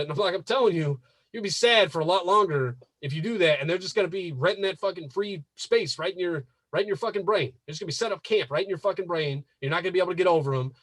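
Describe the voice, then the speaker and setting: Husky high-voiced man ranting. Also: a bit bright, no echo. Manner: emphatic, repetitive, profane. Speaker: podcast host. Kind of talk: casual podcast rant.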